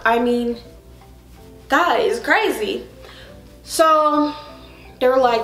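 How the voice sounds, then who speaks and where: A young woman tells a casual storytime in an animated, exasperated and sassy way. Her voice sits a little high. It sounds roomy, with faint music playing underneath. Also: drawn-out words, pauses often. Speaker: vlogger.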